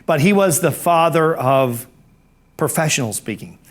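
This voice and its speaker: A man's voice: a little high, animated, measured pace. A middle-aged man teaching a speaking course, telling anecdotes in a conversational way that often repeats words and restarts phrases.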